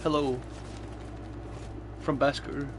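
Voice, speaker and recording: A man's voice: medium pitch, level tone, slow pace, noisy background. A young man chatting casually while gaming, swearing freely and laughing through his stories. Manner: profane storytelling, laughs often.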